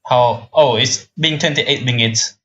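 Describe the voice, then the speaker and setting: Bright, teasing man on a dull mic. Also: medium pitch, unhurried. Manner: interrupting, teasing, playful. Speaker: podcast co-host. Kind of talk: casual chat.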